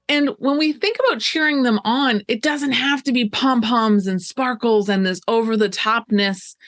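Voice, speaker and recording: A woman coach chats on a podcast in an upbeat, encouraging way, often with "you know" along the way. Her voice is mid-pitched and recorded dry and close, with no room echo. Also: fairly bright tone. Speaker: life coach, podcast co-host. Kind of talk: casual podcast chat. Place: at her desk.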